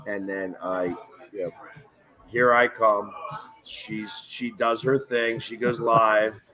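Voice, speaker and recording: A man with a bright, forceful voice co-hosts a casual sports chat. He tells stories with energy and often jumps higher to act out quoted lines. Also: slow pace, rough recording. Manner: animated anecdotes, quoting people in raised voices. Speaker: podcast co-host.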